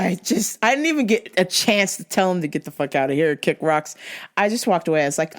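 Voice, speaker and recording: A young adult woman hosting a vlog, telling a story in a blunt, profane, animated way. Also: fairly low pitch, a little fast. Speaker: vlog host. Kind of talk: casual storytelling monologue.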